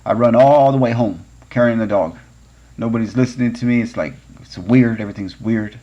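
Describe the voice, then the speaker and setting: A man's voice: mid-range voice, a little fast, dark tone, dull audio. A man hosting a podcast, telling a personal story in an earnest, conversational way. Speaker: podcast host.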